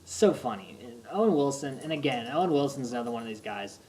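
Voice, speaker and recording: A man giving a casual, rambling movie review, full of fillers and quick impressions. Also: medium pitch, lively intonation, darkish tone, slight background noise, rough recording. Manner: rambling and chatty, lots of fillers, breaks into impressions.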